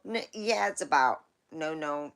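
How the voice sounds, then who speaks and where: A woman's voice: deep voice, lively intonation, a little slow, creaky, a bit bright. A woman hosting a live stream, chatting casually in a rambling, folksy storytelling way.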